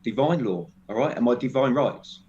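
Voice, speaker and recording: Halting man on a lo-fi call. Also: mid-range voice, expressive, a little mellow. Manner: halting, many restarts and fillers. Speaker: guest. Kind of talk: casual group discussion. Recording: dull lo-fi sound with faint noise.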